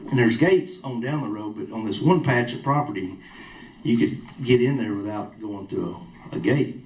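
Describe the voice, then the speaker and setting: A man's voice: medium pitch, normal speed, a little mellow. A man preaching a sermon in a church hall, telling a personal story in a folksy, plain-spoken way. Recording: roomy echo from a distant mic.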